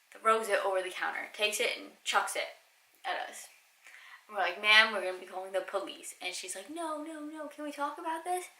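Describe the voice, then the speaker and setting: A woman's voice: mid-range voice, gravelly, bright, forceful tone, reverberant, a little hiss or hum, low-quality recording. A woman in her twenties telling stories to camera in a casual, chatty way, swearing freely. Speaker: vlogger. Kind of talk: casual storytime.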